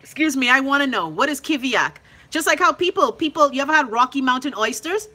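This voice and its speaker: A woman's voice: high-pitched, expressive, fairly quick, sharp tone. A brash, profane young Bahamian woman hosting a live call-in show, reading viewer comments and teasing them by name. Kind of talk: loud casual livestream chat reading viewer comments.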